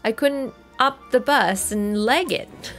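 A woman's voice: fairly high pitch, takes it slowly, a bit bright, soft background music, pitched above the performer's own voice. A woman voicing a cheeky young female street pickpocket, brash and slangy. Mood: boastful.

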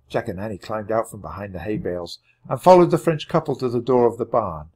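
A man reading a children's chapter book aloud with expressive, dramatic storytelling. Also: lowish voice, a little fast, slightly rough. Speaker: audiobook reader. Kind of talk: children's audiobook narration.

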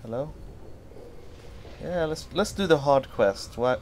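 Male gamer, let's-play commentary, unhurried speech, swears a lot, faint background hum. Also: a little high. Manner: swearing, excitable, talks back to game characters. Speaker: gamer playing through a game.

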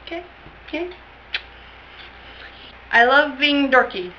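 A woman's voice: high-pitched, animated, takes it slowly, bright, forceful tone, highs cut off, slight background noise. Hyper giggly teenage girl on webcam. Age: late teens. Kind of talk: casual webcam vlog.

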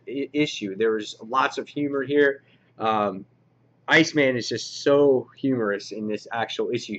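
A man's voice: medium pitch, a bit bright, highs cut off. A man casually reviewing a comic book, enthusiastic and rambling with lots of filler words.

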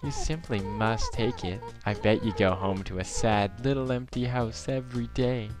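A man's voice: medium pitch, normal speed, music in the background, close to an everyday voice. A man voicing a snooty, condescending female cat villager in a video game. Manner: condescending and teasing.

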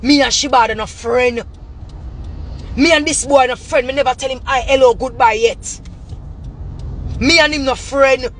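A Jamaican woman ranting to camera in a heated, profane, repetitive tirade that breaks into shouting. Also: sits high, normal speed, long pauses, slight background noise. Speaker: vlogger. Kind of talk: angry rant to camera.

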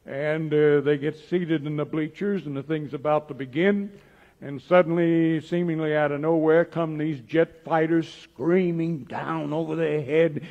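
A man's voice: fairly high pitch, unhurried. A male pastor preaching a sermon as a story, acting out the lines of its characters in his own voice. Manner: acts out dialogue in plain voice, animated. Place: church sanctuary. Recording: dull old church audio with long reverb.

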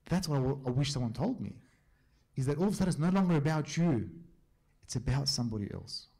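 With an expressive, warm, slightly rough voice at medium pitch, a priest responds to questions from a church group. He's a chatty storyteller who keeps checking in with a quick "yeah?"

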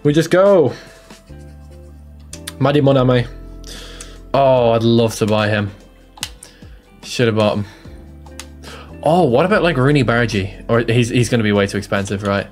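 A man's voice: on the low side, normal speed, pauses often, soft background music. A young Irish man giving casual, jokey live commentary on a game, self-deprecating and chatty. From Ireland. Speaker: streamer.

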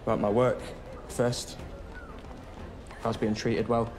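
Flat Estuary English man playing a blacksmith. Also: mid-range voice, slow pace, music in the background, close to an everyday voice. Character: plain-spoken young male blacksmith's apprentice.

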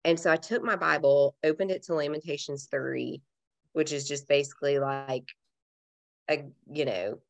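A woman's voice: sits low, fairly even intonation, moderate pace, gravelly. A woman as a podcast guest, telling a personal story candidly and emotionally, with lots of "like" fillers.

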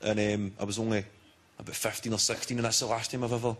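A young Scottish man, a comedian guest on a chat show, telling stories in a deadpan way with dry jokes. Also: on the low side, fast. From Scotland. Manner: deadpan storytelling, dry jokes, laughs often.

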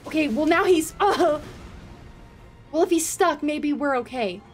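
A woman commenting live on her own gameplay, panicking, laughing and swearing. Her voice sits a little high, and she takes her time with her words. Soft game music plays faintly underneath. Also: animated, unhurried. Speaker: streamer.

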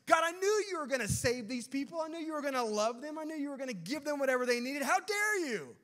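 A man's voice: very high-pitched, big pitch swings, fast talker, sharp tone, pitched above the performer's own voice, full character voice. A man doing an indignant, whiny prophet. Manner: exasperated, ranting. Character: indignant, whiny male prophet complaining to God.

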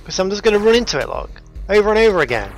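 A man's voice: high-pitched, sing-song, racing, faint music behind. A man commenting on a puzzle game as he plays, talking to himself and his viewers, often frustrated and exclaiming. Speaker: gaming video host. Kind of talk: let's play commentary.

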